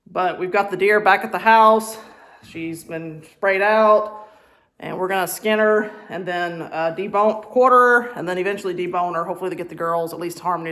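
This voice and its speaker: A hunter vlogger with a Texan accent talks casually to the camera outdoors on a ranch, chatty and laughing easily. Her voice sits on the low side with a fairly bright tone, and there's no room sound.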